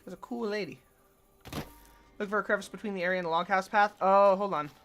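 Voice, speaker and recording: A woman's voice: mid-range voice, fairly even intonation, brisk, a bit bright, a little hiss or hum. A woman streaming a game with casual, crude, joking commentary and frequent sighs.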